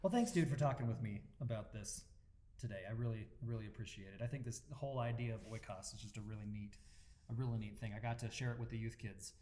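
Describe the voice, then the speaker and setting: A man's voice: on the low side, fast, warm tone, slight background noise. Chatty, laughing male podcast co-host. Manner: laughing, chatty, uses "like" often. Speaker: youth pastor and podcast co-host. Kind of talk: casual podcast chat.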